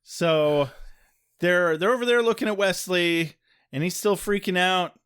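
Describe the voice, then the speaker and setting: Sardonic podcast host man, slightly high. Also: measured pace, a bit bright, clean tone. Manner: sardonic, profane recapping. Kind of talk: casual chat.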